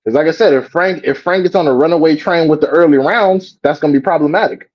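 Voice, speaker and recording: A man's voice: a little high, fast talker, dull audio. Fired-up man ranting on a stream. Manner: animated, profane, mocks others in quoted voices. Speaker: host. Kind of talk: live reaction stream, casual rant.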